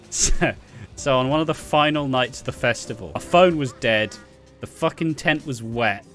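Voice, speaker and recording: A young man telling casual, profane stories, with animated delivery and laughing asides. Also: mid-range voice. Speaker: vlogger. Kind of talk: casual storytime monologue.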